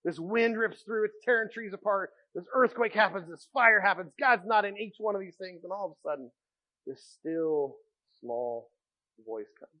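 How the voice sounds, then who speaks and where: Animated high-voiced male preacher. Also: brisk, hardly any pauses, dull audio. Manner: animated storytelling, wide swings from loud to hushed. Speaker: pastor. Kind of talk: sermon.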